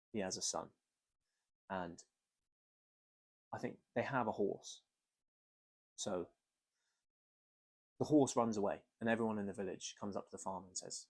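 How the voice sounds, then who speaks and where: A man hosting his own podcast, talking through a reflective solo monologue and retelling an old story in a musing, unhurried way. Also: on the low side. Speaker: podcast host.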